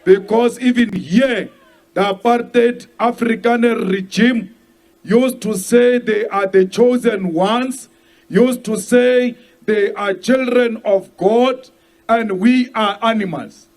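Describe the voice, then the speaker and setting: South African man, political leader giving an emphatic rally speech, high voice, slow delivery. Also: steady tone. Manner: slow, emphatic, shouted lines.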